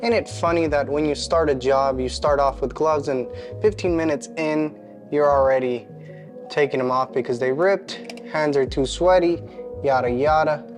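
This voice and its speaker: A man's voice: a little high, moderate pace, soft background music. A man narrating a step-by-step repair in a casual, chatty way while he works, often poking fun at himself. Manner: chatty, self-deprecating, talks to himself mid-task. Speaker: home mechanic channel host.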